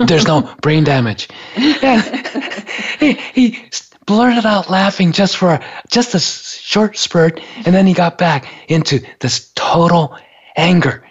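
A man telling a story in a casual, animated way, acting out what people said and laughing along. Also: high-pitched, slow pace, slightly rough, highs cut off. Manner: animated, acts out quoted voices, laughs while telling.

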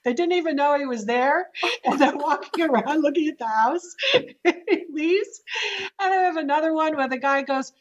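Woman, real estate guest, lively anecdotal teller, laughs a lot; muffled lo-fi track. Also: high-pitched, normal speed. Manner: animated, with laughs and restarts. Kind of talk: casual storytelling interview. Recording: dull lo-fi sound.

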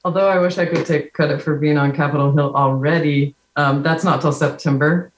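Low, even-voiced woman in a roomy recording. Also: fairly quick, slight background noise. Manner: calm, explanatory, steady. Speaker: guest, psychiatric nurse practitioner. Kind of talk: podcast interview. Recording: roomy remote audio.

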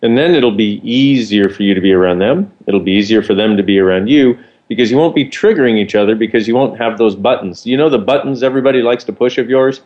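A man's voice: fairly low pitch, fast, few pauses, darkish tone, lo-fi sound. A man co-hosting, explaining ideas in a casual, rambling teaching chat. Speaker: co-host.

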